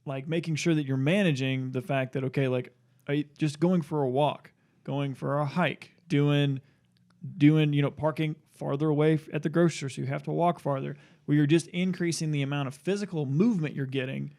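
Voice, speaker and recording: Gravelly-voiced man explaining training. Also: a little high, steady tone, brisk, darkish tone. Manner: earnest, explains with many fillers and restarts. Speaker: fitness trainer podcast co-host. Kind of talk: casual chat.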